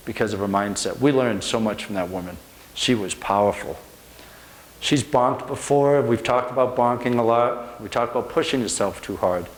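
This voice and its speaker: Earnest middle-aged man telling stories in an echoey room. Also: medium pitch. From United States. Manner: earnest storytelling, emphatic repetitions. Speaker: motivational speaker. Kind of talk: motivational speech to a room.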